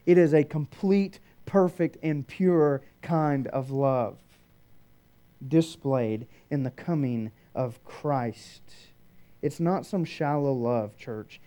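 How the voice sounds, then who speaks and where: A man preaching a sermon, shifting between loud emphatic declarations and hushed, quiet passages. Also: a little high, clear, resonant tone. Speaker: pastor.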